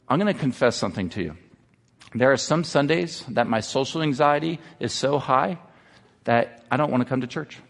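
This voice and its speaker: A man's voice: mid-range voice, lively intonation, moderate pace, creaky, big-room sound. A man in his thirties, a pastor, preaching an earnest sermon that moves from personal confession to exhortation. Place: church sanctuary.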